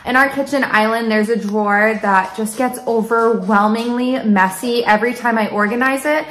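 A woman's voice: a little high, normal speed, a bit bright. A young adult woman chatting casually in a haul vlog, enthusiastic and sometimes dropping into a half-whisper. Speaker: vlogger.

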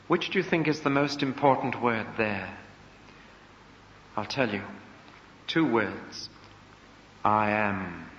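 A man's voice: mid-range voice, fairly bright tone, a little hiss or hum. A man preaching a sermon to a congregation, emphatic and full of rhetorical questions, recorded live in a church. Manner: emphatic, rhetorical questions, acts out quoted voices. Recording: echoey church hall, dull lo-fi.

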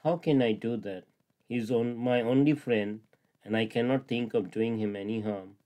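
A man's voice: medium pitch, fairly even intonation, moderate pace, dark tone, lightly acted. A man voicing a troubled male crocodile torn between his friend and his wife, in plain, earnest storybook dialogue. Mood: anguished.

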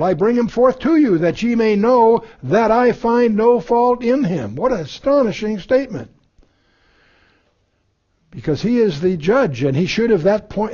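Guy teaching bible verse by verse, kinda husky, dark mellow voice, dull lo-fi recording. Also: on the high side. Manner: reads scripture aloud then comments, with frequent fillers and restarts.

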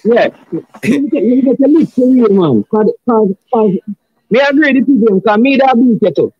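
Jamaican man, high breathy voice, dry dull recording, insistent. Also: expressive, moderate pace, no echo. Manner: scolding, insistent. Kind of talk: casual argumentative chat.

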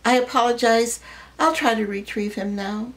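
A woman's voice: a little high, normal speed, lightly acted, low-quality recording. A woman voicing a shy young mother who speaks politely and apologetically in a storybook reading. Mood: apologetic.

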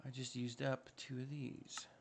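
A man's voice: mid-range voice, monotone, a little slow, vocal fry, slight background noise. A man giving casual, upbeat commentary while playing a modded block-building game, chatting to himself as he builds. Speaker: Minecraft modpack let's-play host.

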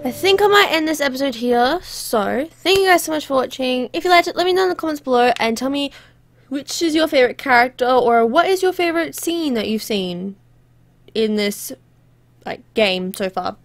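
A woman's voice: high voice, lively intonation, normal speed, no echo. A woman giving casual, rambling let's play commentary, chatting to herself as she plays.

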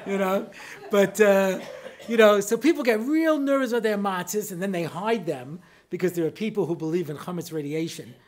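A man, a rabbi, giving a humorous lecture, telling stories in a chatty way and checking whether his listeners follow him. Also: high voice. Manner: joking storyteller who mimics people in quick exchanges; conversational, with frequent asides asking the listeners if they follow.

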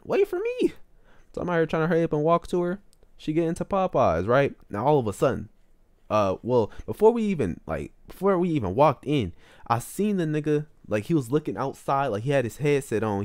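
A young man tells a story in a loose, slangy ramble, his pitch bouncing up and down and full of fillers. The recording is dry and close, with no room sound. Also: dry recording. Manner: animated, with sudden jumps up in pitch. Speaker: vlogger telling a story. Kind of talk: casual storytime monologue.

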